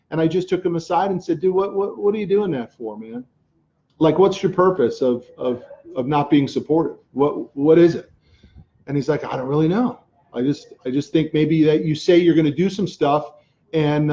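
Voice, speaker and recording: A middle-aged man hosts a casual live-stream Q&A as a business coach. He talks with lively energy and keeps dropping slang like dude and man. His voice sits a little high and comes through muffled, lo-fi audio.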